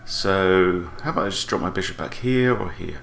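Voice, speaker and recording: A man's voice: sits low, normal speed, gravelly, roomy sound, a little hiss or hum. A man coaching chess, thinking aloud as he plays and weighing each move, often stopping to correct himself. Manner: analytical, weighs moves out loud, self-correcting. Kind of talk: thinking aloud while playing a chess game.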